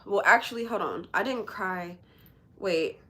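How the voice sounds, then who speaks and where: A woman's voice: mid-range voice, measured pace, bright, forceful tone. A woman hosting a casual livestream, talking candidly and bluntly in a rambling way with lots of fillers, sounding emotional after recent crying. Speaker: livestream host.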